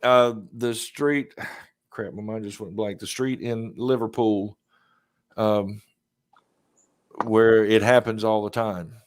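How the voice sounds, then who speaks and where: A man in his fifties with a Southern US accent hosts a podcast, chatting casually in a rambling, laid-back manner and chuckling often. His fairly low voice is steady and slow, with long pauses, in a studio-quality recording without echo.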